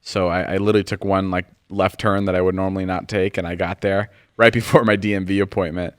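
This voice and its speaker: A man in his thirties hosting a podcast, telling animated stories in casual chat and swearing freely. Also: low voice, fast talker, no room sound, studio quality. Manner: animated storytelling, swears a lot. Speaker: podcast host.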